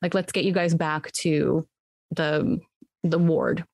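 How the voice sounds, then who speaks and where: A woman's voice: low-pitched, level tone, takes it slowly, a little mellow, dry recording. A woman retelling a movie's plot to friends in a casual chat, acting out the characters' lines and filling her talk with "like" and "um.". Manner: retells scenes with quoted voices, lots of "like" and "um". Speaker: movie recapper.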